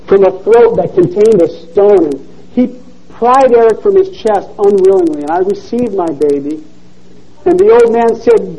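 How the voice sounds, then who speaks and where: High, lively husky male preacher. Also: normal speed, rough recording. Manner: earnest, expressive storytelling. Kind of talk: sermon with read-aloud story.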